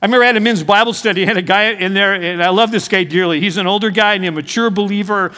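A man's voice: sits high, very fast, pushed and bright. A middle-aged male pastor giving a conversational sermon, full of stories and asides to the congregation. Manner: conversational, anecdotal preaching with asides. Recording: hall reverb.

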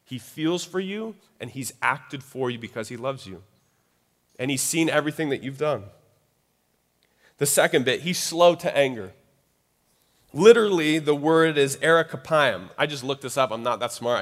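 A man's voice: mid-range voice, animated, normal speed, a bit bright. A man preaching a sermon in a loose, conversational way. He acts out quoted voices and keeps checking in with "right?". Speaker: pastor. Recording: long hall reverb.

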